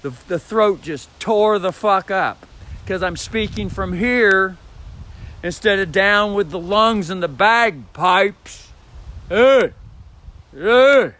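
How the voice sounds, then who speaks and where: A male vlogger films himself indoors at home with a phone or camera mic, slowly delivering a drawn-out, rambling monologue on voice technique. He repeats himself, curses casually, and demonstrates vocal sounds in a high, bright voice.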